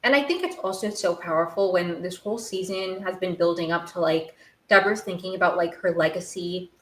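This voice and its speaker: A woman's voice: lowish voice, brisk, fairly bright tone, echoey room, a little hiss or hum, low-quality recording. A young woman hosting a podcast, recapping a TV episode in casual, rambling chat full of "like"s and restarts. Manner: gushing, rambling, many "like"s and restarts. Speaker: podcast host.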